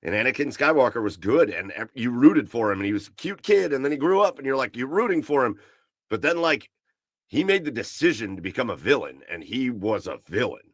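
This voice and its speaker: A man co-hosting a casual podcast from his garage, chatting in a relaxed, rambling way and gushing about beer. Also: medium pitch, fairly quick, dry recording, studio quality. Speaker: podcast co-host. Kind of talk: casual chat. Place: home garage.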